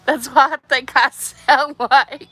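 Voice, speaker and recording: Giggly woman with a bright childlike voice. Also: high voice, takes it slowly, no echo. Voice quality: childlike, youthful-sounding voice. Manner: giggly, animated, laughs often. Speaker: livestreamer. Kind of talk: casual live chat reading viewer comments.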